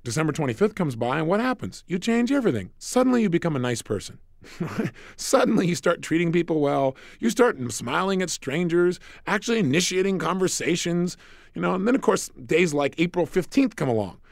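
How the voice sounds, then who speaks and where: A man delivers a motivational lesson with bold, emphatic energy, acting out little exchanges as he goes. His fairly high voice swoops widely and carries a gravelly rasp, captured close and dry. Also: no echo. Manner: animated and emphatic, acting out dialogues. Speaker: self-help speaker. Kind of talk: recorded motivational program.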